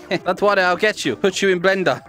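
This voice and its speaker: A man's voice: high voice, normal speed, a bit bright, faint music behind. A young man hosting a gaming video, giggling and teasing players as he plays. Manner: giggly, teasing, laughs often. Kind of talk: playful gameplay commentary.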